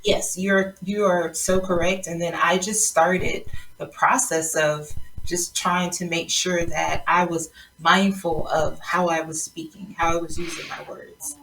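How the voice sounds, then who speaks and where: A woman's voice: low-pitched, level tone, measured pace, gravelly, a bit bright. A young adult woman from Georgia hosting a casual interview, chatty and laughing often, with many fillers. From South Georgia, US. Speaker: podcast host. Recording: distant mic with faint noise.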